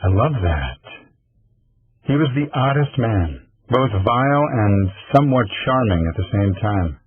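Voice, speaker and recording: A man reading a first-person audiobook in a wry, even delivery. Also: mid-range voice, normal speed, slightly rough, dry recording. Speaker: narrator. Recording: tinny phone-like lo-fi recording.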